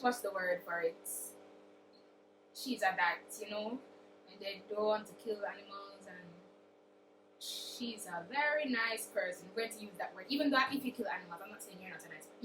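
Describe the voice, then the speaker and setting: A woman's voice: on the high side, fairly bright tone, slight background noise. A young woman, chatting through a dramatic, casual book recap. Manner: chatty, dramatic retelling with acted quotes. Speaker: book vlogger. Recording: roomy echo, distant mic.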